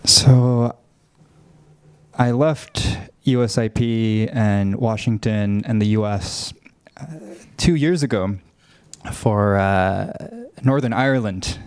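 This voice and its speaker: A man speaking as a panelist, reflective and halting, with many fillers as he gathers his thoughts. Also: lowish voice, clear, resonant tone, no room sound. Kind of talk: panel discussion remarks.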